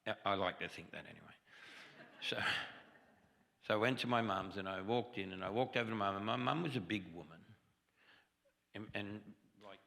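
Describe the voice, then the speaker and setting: A man's voice: lowish voice, moderate pace, creaky, pauses often, pushed and bright, in a large hall. A man giving a testimony sermon in a conversational storytelling way, with self-deprecating humor. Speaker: guest preacher. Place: church sanctuary.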